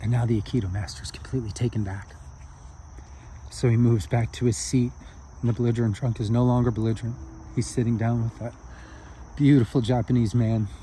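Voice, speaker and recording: A man's voice: mid-range voice, level tone, brisk, pauses often, warm tone, a little hiss or hum. Earnest man telling a spiritual story. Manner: earnest, heartfelt.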